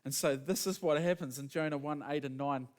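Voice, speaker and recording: A man preaching a sermon in a casual, animated storytelling manner, acting out quotes as he goes. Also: a little high, fairly quick.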